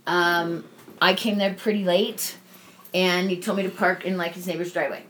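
A woman candidly telling a personal story in casual conversation, animated and swearing freely. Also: lowish voice, moderate pace, slight background noise. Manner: animated, acts out quoted voices, swears freely.

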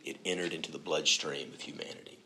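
A man delivers a sermon in a relaxed, conversational way. He often slips into little acted-out voices and moves between hushed and loud passages. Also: extremely low pitch, quick pace, a little hiss or hum. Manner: conversational, acts out quoted voices, swings from soft to loud. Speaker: pastor.

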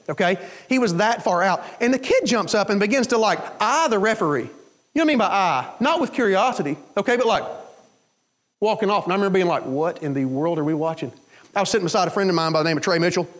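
A man preaching a sermon, telling stories in an animated way and acting out the voices of the people in them. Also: high voice. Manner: animated storytelling with quoted voices. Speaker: pastor.

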